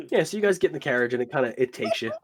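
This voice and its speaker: A man running a tabletop game as game master, narrating in a loose, relaxed way full of casual filler words. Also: medium pitch, fast, a little hiss or hum.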